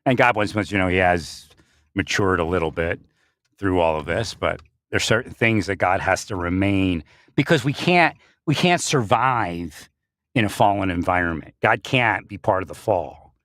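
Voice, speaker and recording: A man's voice: deep voice, lively intonation, moderate pace, fairly bright tone, no room sound, studio quality. A man giving a rambling spiritual monologue, often breaking into laughter and restarting his sentences. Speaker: spiritual speaker.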